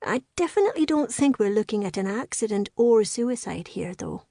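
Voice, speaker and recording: A woman's voice: medium pitch, animated, brisk, mellow, dry recording, studio quality. A woman voicing a motherly Scottish medic. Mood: gentle. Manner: motherly, soothing.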